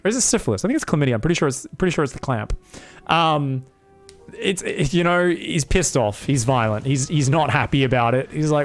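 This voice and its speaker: A young man casting a live strategy game, excitable and crude, rambling between plays and shouting at the action. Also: a little high, fairly quick, soft background music. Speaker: game caster.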